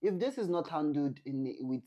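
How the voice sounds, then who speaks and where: A man's voice: fairly high pitch, normal speed. A man, chatting casually on a couple's vlog and acting out what people said. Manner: animated, acts out quotes, Nigerian Pidgin touches. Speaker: vlog co-host. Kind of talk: casual storytelling chat.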